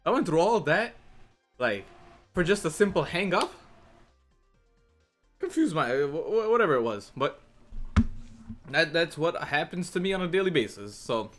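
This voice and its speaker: Young man, slightly high voice, casual rambling storyteller with lots of restarts. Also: sing-song, normal speed, pauses often, a bit bright, soft background music. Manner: rambling, with many fillers and restarts. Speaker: gaming YouTuber.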